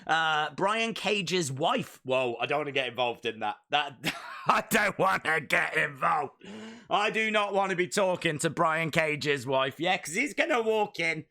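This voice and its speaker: Man, live stream host, jokey rambling chat, bright voice, slightly high. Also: lively intonation, a little slow. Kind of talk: casual live watch-along chat.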